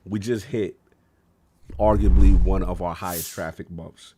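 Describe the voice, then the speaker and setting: A man's voice: sits low, fairly even intonation, a little slow, dark tone, a little hiss or hum. A man hosting a gaming podcast in casual, slangy chat, hyped and laughing often. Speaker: podcast host.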